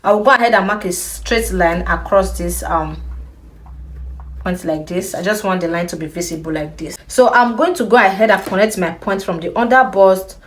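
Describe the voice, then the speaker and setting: A woman's voice: mid-range voice, slight background noise. A young woman giving a patient step-by-step sewing tutorial, repeating key points and checking in with the viewer. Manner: slow, patient, repeats instructions with frequent "okay?". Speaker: sewing instructor.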